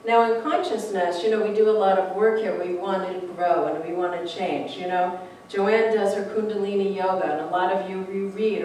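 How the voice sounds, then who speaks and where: A woman's voice: medium pitch, a little hiss or hum. Chatty woman preaching in an echoey hall. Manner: chatty, animated, acts out little quoted voices. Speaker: minister. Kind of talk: conversational sermon. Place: church hall. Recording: echoey hall, mic from a distance.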